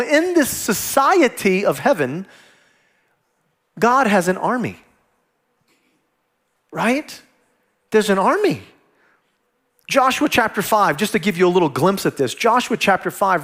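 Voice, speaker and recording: A man preaching a sermon as pastor, acting out quoted dialogue with lively delivery. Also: sits high, measured pace, long pauses.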